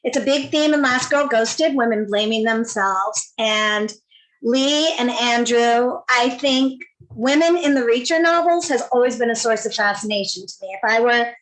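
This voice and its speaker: Woman, slightly high voice. Chatty panel moderator on a video call. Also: normal speed, a bit bright, poor audio. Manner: chatty, rambling questions. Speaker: panel host.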